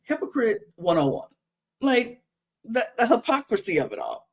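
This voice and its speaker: A woman's voice: a little high, wildly swooping pitch, normal speed, slightly rough. A woman hosting a podcast, talking casually in a sassy, exasperated way. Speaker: podcast host recapping a reality show. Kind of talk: casual chat.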